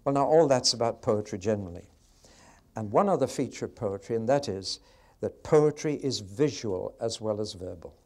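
Guy bible teacher, animated sermon talk, speeds up and slows down. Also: fairly low pitch. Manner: expressive, varies pace, asks the audience questions.

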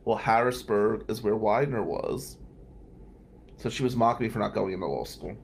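A man's voice: on the low side, normal speed, gravelly, slight background noise. A man telling a long personal story in a casual, digressive way, with wry asides and some swearing.

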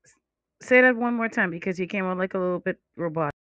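Female host, lowish and direct, dry lo-fi recording. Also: quick pace, a bit bright, no room sound. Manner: direct, interjecting, addresses listeners. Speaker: podcast host. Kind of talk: casual talk show hosting.

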